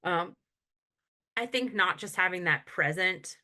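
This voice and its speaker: A woman co-hosting a podcast, casually recapping a sitcom episode in an animated way and laughing often as she retells scenes. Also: fairly low pitch, measured pace. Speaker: podcast co-host.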